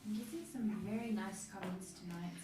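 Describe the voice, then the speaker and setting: A woman's voice: medium pitch, fairly quick, music in the background. A woman co-hosting as moderator. She reads out viewer questions and chats lightly, laughing easily. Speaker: co-host and chat moderator. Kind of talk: reading viewer questions, casual chat. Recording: distant, very echoey mic with background noise.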